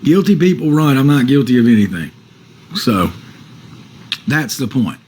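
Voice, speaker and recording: A man's voice: medium pitch, big pitch swings, normal speed, a little mellow, slightly rough, poor audio. A man on a casual livestream, reading out viewer comments and answering them defensively, with some swearing.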